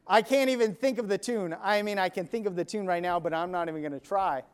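A man's voice: high voice, fast, smooth. A man preaching a sermon, emphatic, asking and answering his own questions and counting out beats. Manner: counts beats and sings snatches of songs.

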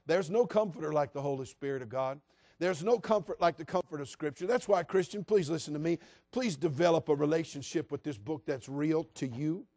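A man preaching a sermon as pastor, passionate, moving between loud appeals and hushed, quiet passages. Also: fairly high pitch, a little fast, no echo.

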